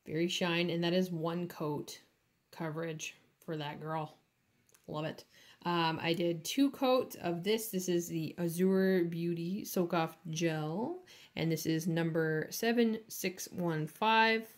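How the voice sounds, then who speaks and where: A woman doing nails in her home studio, talking through each step in a casual, chatty way with lots of fillers. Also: on the low side. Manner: slow, chatty, with many fillers. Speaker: nail artist. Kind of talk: casual tutorial chat.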